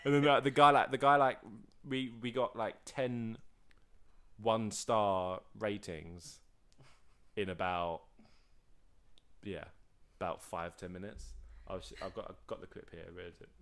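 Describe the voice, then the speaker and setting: A man co-hosting a podcast, telling stories in a rambling, excitable way full of fillers and restarts. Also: fairly low pitch, measured pace. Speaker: podcast co-host. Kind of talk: casual storytelling chat. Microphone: podcast mic.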